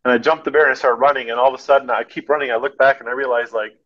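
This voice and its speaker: A male podcast guest telling stories in a relaxed, casual way. He is animated and anecdotal, with a voice of ordinary pitch. His audio sounds a little muffled and lo-fi. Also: very fast. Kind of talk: casual storytelling.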